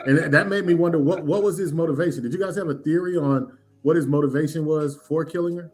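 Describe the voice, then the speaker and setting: A man's voice: a little high, a little mellow, soft background music. A man co-hosting a podcast in casual chat, asking questions and pushing back with his view. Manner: measured, questioning, pushes back. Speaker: podcast co-host.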